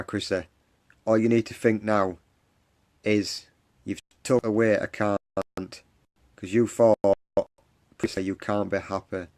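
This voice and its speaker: Man, lowish voice, live-stream host, earnest and repetitive pep talk. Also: a little mellow. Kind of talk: encouraging livestream talk. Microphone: phone or webcam on a live stream.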